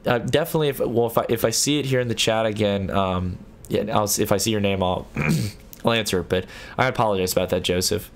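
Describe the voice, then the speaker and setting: A man's voice: fairly low pitch, fairly quick. A young man hosting a late-night livestream, reading viewer messages aloud and answering them in a casual, stop-start way. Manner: reads viewer chat aloud and answers, with frequent restarts. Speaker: livestream host.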